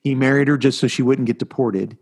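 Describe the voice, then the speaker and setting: A middle-aged man co-hosting a casual chat podcast, telling stories in an animated, rambling way. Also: mid-range voice, fairly quick, breathy edge. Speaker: podcast co-host.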